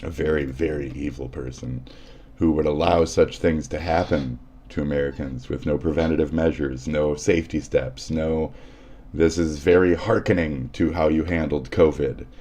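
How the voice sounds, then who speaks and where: This is a man with a very low voice, hosting a live stream and reacting to the news. He rants in a casual way, sarcastic and combative, and swears often. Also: steady tone, moderate pace, warm tone. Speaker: livestream host. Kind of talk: profane ranting commentary.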